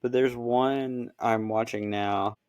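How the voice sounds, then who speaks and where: A man in casual chat, telling stories with animated, acted-out quotes. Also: medium pitch, slow pace, smooth. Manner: animated storytelling, acts out quotes. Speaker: podcast co-host.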